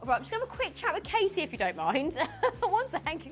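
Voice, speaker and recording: A woman presenting live on a shopping channel from a TV studio, bubbly and giggly, with chatty asides between product pitches. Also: huge pitch swings, quick pace, a bit bright, faint music behind.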